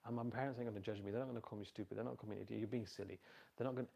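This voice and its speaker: A man's voice: on the low side, rapid-fire, vocal fry. A middle-aged man giving an informal religious talk on parenting to a live audience, telling stories and quizzing listeners with repeat-back questions. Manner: storytelling with animated quoted voices.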